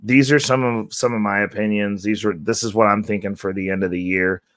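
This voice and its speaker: Deep-voiced stuffy man, rambling casually. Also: steady tone, brisk, a bit bright, dry recording. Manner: loose and rambling, with many fillers and self-corrections; upbeat, hyping the viewers. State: stuffy and voice nearly worn out. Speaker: crypto channel host. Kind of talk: casual talk to camera.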